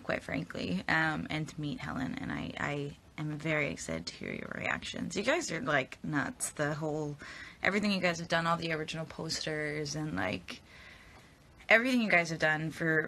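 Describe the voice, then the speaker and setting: A young woman, tired yet upbeat, talks casually on a phone livestream and answers viewers' comments. Her voice sits a little low but sounds bright. Faint background noise runs under it. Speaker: actress on a livestream.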